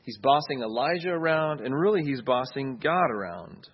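A man's voice: medium pitch, animated, normal speed, breathy edge, muffled recording. A man preaching a sermon in a conversational way, checking in with listeners as he goes. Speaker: pastor.

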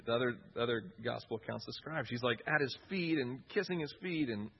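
Earnest husky male preacher, lo-fi. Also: medium pitch, lively intonation, fairly quick. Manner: earnest, repeats key phrases for emphasis. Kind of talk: sermon.

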